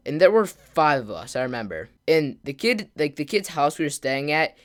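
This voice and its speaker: A man's voice: on the high side, very animated. Rambling young guy telling a story. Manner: rambling, full of "like" and "kinda" fillers; acts out friends' lines in quick quotes. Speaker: gaming vlogger. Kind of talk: casual storytime to camera.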